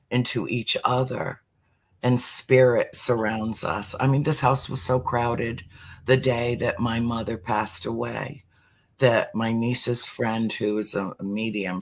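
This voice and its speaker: A middle-aged speaker talking earnestly about spirituality as a podcast guest, slowing down to stress words. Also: medium pitch. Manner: earnest, emphatic, slows for emphasis. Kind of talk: heartfelt spiritual talk.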